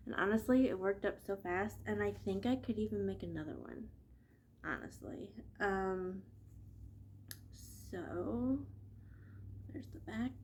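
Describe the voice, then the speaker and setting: Middle-aged woman, unhurried, chatty knitting vlogger, stuffy from allergies. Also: mid-range voice, darkish tone, a little hiss or hum. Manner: chatty, laughs often, drifts off topic. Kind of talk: casual chat.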